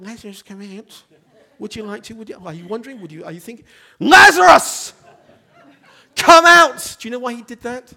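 A man preaching a sermon, telling a story with animation and asking the congregation questions. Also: high voice. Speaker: pastor.

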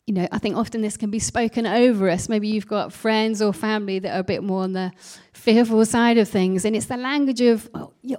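A woman's voice: mid-range voice, warm tone. A woman preaching a conversational sermon, full of reflective rhetorical questions.

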